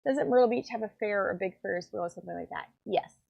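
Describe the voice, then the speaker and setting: A woman chats in a loose, rambling way, full of ums and likes, as she works in her pen workshop. Her voice has a gravelly edge, sits at a middle pitch, and comes through a dull, lo-fi recording. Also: fast talker, darkish tone. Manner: rambling, chatty, many fillers. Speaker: pen maker and channel host. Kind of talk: casual chat while working. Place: home workshop. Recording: dull lo-fi sound.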